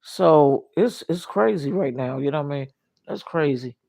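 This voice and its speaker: A man's voice: a little high, expressive, normal speed, creaky, warm tone, no room sound. An older man talking earnestly on a casual livestream, rambling and circling back to the same points. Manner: rambling, earnest, repeats "you know what I mean". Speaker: livestream host.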